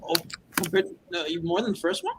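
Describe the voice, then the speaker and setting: A man's voice: high voice, fast, a little hiss or hum. A man co-hosting a movie podcast in casual chat, laughing easily as he recalls scenes. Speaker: podcast co-host.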